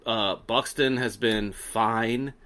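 A man co-hosting a casual sports podcast, arguing his points with halting restarts. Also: medium pitch, fairly even intonation, pushed and bright. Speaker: podcast co-host.

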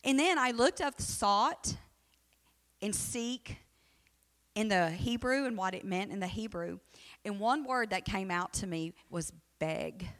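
A woman's voice: medium pitch, expressive, slow pace, a bit bright. Woman teaching Bible study in echoey hall. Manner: conversational, acts out quotes.

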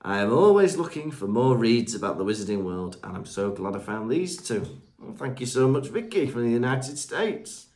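A chatty British man co-hosting a podcast, reading out listener messages with a very lively, up-and-down voice. He jokes along as he reads and trips over unfamiliar names. His pitch sits in the middle of the male range. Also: normal speed. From Britain. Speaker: podcast co-host. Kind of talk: casual chat, reading listener reviews.

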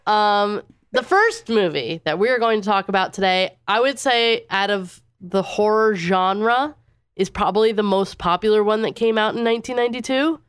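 A woman's voice: medium pitch, normal speed, clean tone, no echo, studio quality. A thirty-year-old woman co-hosting a podcast in casual chat, a bit congested from a cold, chatty with lots of fillers. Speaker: podcast co-host.

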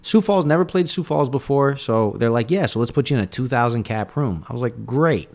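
A male comedian spinning a road story on a podcast, his pitch leaping up and down as he acts out every line of dialogue. He talks casually and plays every part himself. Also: fairly quick, creaky. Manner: animated storyteller, acts out quotes. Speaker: touring stand-up comedian, podcast guest.

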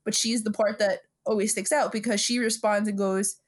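A woman's voice: mid-range voice, fairly even intonation, normal speed. Chatty, laughing woman podcast co-host. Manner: chatty, swears freely, laughs often. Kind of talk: casual chat.

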